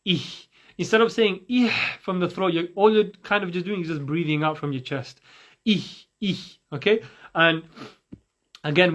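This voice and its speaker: A man teaching Quran recitation, patiently breaking words into sounds and repeating them slowly for listeners to copy. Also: a little high, a bit bright, highs cut off. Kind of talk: tajweed lesson with slow demonstrations.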